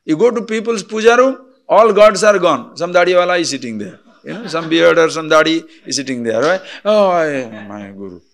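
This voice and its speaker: A man's voice: on the high side, animated, moderate pace, hardly any pauses, fairly bright tone. A man giving a spiritual discourse as a teacher, blunt and teasing, full of rhetorical questions.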